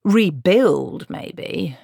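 A woman voicing a fussy, evasive male dwarf craftsman who talks slowly and deliberately. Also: lowish voice, animated, vocal fry, dark tone, slightly rough, no echo, clean studio sound, pitched above the performer's own voice, exaggerated voice. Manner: slow, deliberate, pondering.

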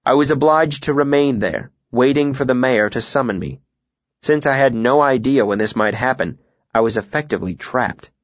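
A man reading a first-person novel aloud in a calm, even, reflective way. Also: mid-range voice, moderate pace, dry recording, muffled recording. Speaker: audiobook narrator.

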